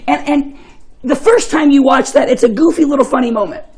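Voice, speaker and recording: A man's voice: very high voice, brisk, darkish tone, low-quality recording. A young man giving a casual, joking sermon, telling chatty stories and often laughing. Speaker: preacher.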